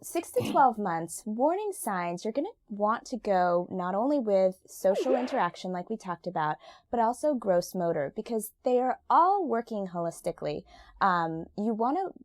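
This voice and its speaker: A woman's voice: mid-range voice, big pitch swings, normal speed, darkish tone. A woman speech-language pathologist explaining infant speech development in an emphatic, friendly chat. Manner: emphatic, says absolutely often. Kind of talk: expert explaining in casual chat.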